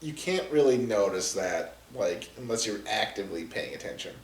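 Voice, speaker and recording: A man guesting on a casual film commentary, laid-back and quick to laugh. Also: on the low side, animated. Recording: roomy echo, distant mic.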